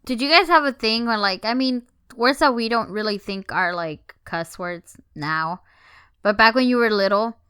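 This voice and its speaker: A woman co-hosting a comedy podcast, chatting casually with wry, deadpan asides. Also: on the high side, moderate pace, clean tone, no room sound, studio quality. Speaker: podcast co-host.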